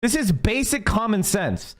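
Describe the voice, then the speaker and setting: Man, fired-up political rant, cursing, angry, high-pitched voice. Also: big pitch swings, measured pace. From United States. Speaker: streamer.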